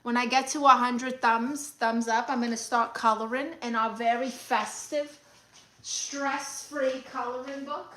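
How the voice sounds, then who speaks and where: A woman playing a brash, sassy aunt who hosts a livestream, reading viewer comments with deadpan scolding. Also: fairly high pitch, unhurried, slight background noise. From Brooklyn, New York. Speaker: comedic livestream host character. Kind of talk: mockumentary livestream comedy.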